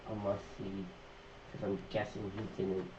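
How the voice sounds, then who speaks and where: A man playing a tabletop game, speaking hesitantly with halting restarts. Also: on the low side, completely flat delivery, background noise. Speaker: player. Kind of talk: casual tabletop game chat. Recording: distant, echoey, lo-fi.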